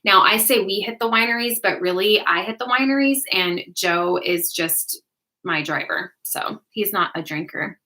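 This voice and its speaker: An American woman hosts a casual livestream in a mid-range voice with a sharp tone, keeping a moderate pace. She chats easily, reading out viewers' comments, answering them, and laughing often.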